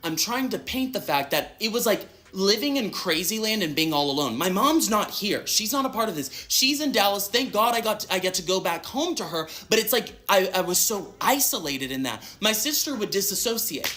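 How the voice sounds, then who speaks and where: In a played interview clip, a man tells a personal story casually, quickly, and dramatically, acting out what other people said. His voice is high-pitched, sing-song, and sharp.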